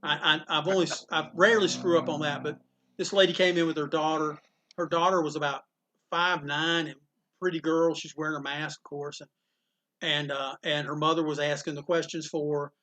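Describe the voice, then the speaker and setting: A man, a comic shop owner, telling animated stories in a casual interview and acting out the voices of people in them. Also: fairly high pitch, fairly quick. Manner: animated storyteller, acts out quotes, laughs often.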